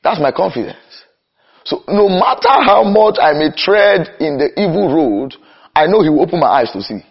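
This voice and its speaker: A man's voice: fairly high pitch, expressive, breathy edge. A young man preaching with fervour, his voice rising and falling widely and sitting a little above the usual male range. He drags out his emphatic lines, then races through the rest. The recording is dull and lo-fi. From Nigeria. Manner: impassioned, swings between slow emphatic cries and rapid runs. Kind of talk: sermon.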